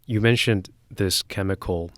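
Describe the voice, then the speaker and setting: A man's voice: low-pitched, measured pace, fairly bright tone, no echo. A male podcast host asking laid-back questions in a casual interview.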